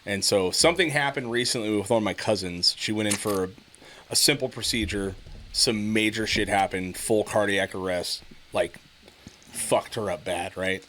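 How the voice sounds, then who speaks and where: A man's voice: fairly low pitch, normal speed, fairly bright tone, slight background noise. Laughing, cussing podcast guy. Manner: profane, laughs a lot while telling stories. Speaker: podcast co-host. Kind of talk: casual chat.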